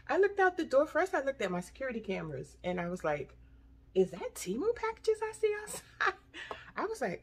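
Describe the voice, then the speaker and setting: A woman chatting excitedly to viewers in a casual haul vlog, calling them y'all. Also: on the high side. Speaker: vlogger.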